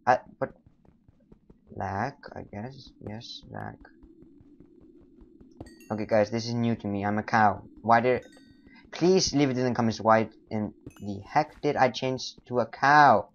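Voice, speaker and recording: Excitable young man gaming commentary. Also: fairly low pitch, unhurried, vocal fry, pauses often, dull audio, a little hiss or hum. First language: not English. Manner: rambling, excitable, bursts of loud silly exclamations. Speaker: gamer. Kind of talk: casual let's play commentary.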